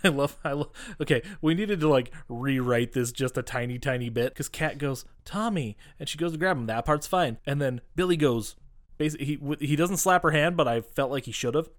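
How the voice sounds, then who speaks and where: A man co-hosting a podcast in casual chat, animated, swearing freely and acting out characters' lines as he recaps. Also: medium pitch, a little fast, dry recording. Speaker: podcast co-host.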